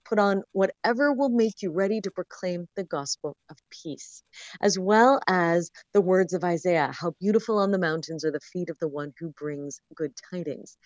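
A woman correspondent gives a clear, measured report for a radio podcast. The sound is dry and slightly dull, as if from a modest lo-fi line. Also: mid-range voice, a little mellow, no room sound.

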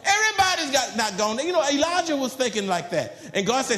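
A man preaching a sermon, swinging from loud calls to low asides. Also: sing-song, a little fast, few pauses, echoey room. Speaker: pastor.

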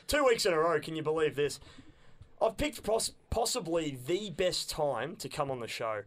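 A man's voice: on the high side, expressive, normal speed. A young adult man with an Australian accent, chatting enthusiastically as a podcast co-host, often repeating words as he goes. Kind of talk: casual chat.

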